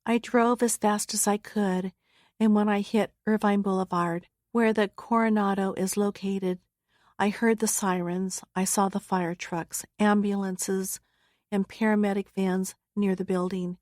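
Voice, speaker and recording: Woman memoir narrator, mid-pitched voice, steady and earnest, close dry studio read. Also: measured pace, no echo. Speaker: audiobook narrator. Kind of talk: first-person memoir narration. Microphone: close studio mic.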